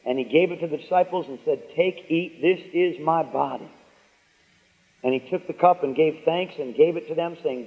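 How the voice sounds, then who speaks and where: A man's voice: mid-range voice, mellow. Man preaching a sermon in a reverberant hall. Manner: rising to emphatic preaching, calls for amens.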